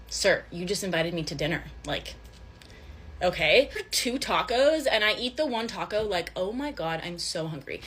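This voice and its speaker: A young woman casually telling a first date story, chatty and animated, acting out the dialogue. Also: mid-range voice, fairly quick, slight background noise.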